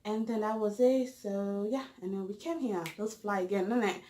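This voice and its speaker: A woman's voice: mid-range voice, moderate pace, mellow, a little hiss or hum, low-quality recording. A young woman, casually telling a storytime vlog with lots of fillers and restarts. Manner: rambling, full of fillers and restarts. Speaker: vlogger.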